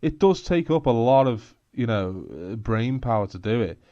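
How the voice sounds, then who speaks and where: A man's voice: medium pitch, expressive, normal speed, dark tone, no room sound, lo-fi sound. A man with a Scouse accent co-hosting a podcast in casual chat, blunt and laughing, with sweary asides. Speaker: podcast co-host.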